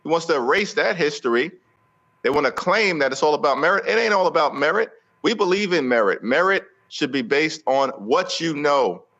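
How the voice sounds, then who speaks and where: Forceful man with a speechmaking cadence. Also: fairly high pitch, expressive, normal speed, highs cut off. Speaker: guest politician. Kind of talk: political interview.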